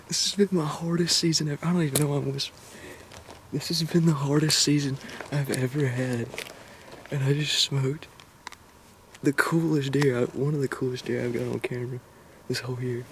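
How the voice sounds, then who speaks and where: A man with a Southern US accent telling, in a hushed and then excited voice, how a hunt went, from a tree stand in the woods. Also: mid-range voice, fairly quick, slight background noise. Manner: excited, breathless storytelling. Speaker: hunter filming his hunt. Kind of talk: whispered hunting vlog narration.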